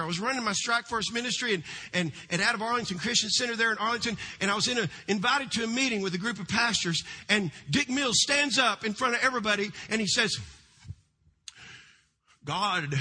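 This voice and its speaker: A middle-aged man, a pastor, preaching a sermon in a large church, with fervent swings between loud cries and hushed storytelling. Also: high-pitched, breathy edge.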